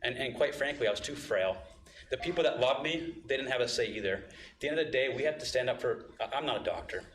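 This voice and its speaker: A man giving an impassioned, emotional public comment at a board meeting, rising to loud, emphatic outbursts. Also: medium pitch, lively intonation, fast, reverberant.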